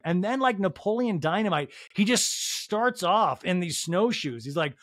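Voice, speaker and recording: A man's voice: high voice, animated, normal speed, a bit bright, no echo, clean studio sound. A man hosting a podcast, giving a casual, laughing recap of a reality show and acting out quotes in different voices. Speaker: podcast host.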